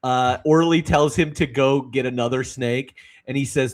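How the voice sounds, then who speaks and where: A man's voice: medium pitch, fairly even intonation, moderate pace, few pauses. A man co-hosting a casual movie chat podcast, eagerly quoting favorite lines and laughing along. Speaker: podcast co-host.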